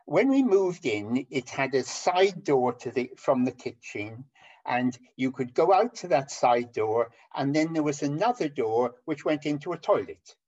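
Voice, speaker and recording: An older man preaching a sermon, halting with many ums and restarts. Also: mid-range voice, animated, darkish tone. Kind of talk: sermon over an online call. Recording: dull lo-fi audio.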